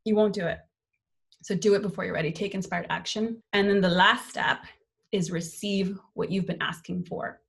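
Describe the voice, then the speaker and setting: A woman's voice: medium pitch, fairly even intonation, normal speed, vocal fry. A young adult woman hosting a live online motivational workshop, upbeat and candid, swearing casually as she coaches. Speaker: workshop host and life coach.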